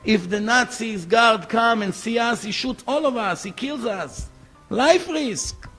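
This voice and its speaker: A man's voice: very high-pitched, a little slow, soft background music. A male rabbi telling stories in a sermon, acting out the voices of the people in them, in English with slips of grammar. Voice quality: non-native English grammar. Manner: animated storytelling, acting out quoted voices. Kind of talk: sermon storytelling.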